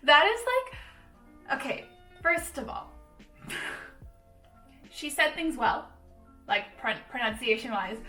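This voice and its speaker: Young woman, native Russian speaker, reaction video host, animated and laughing, roomy echo, a bit off-mic, faint music underneath. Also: high-pitched, distant mic. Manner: chatty, animated, quick to laugh. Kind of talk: casual reaction commentary.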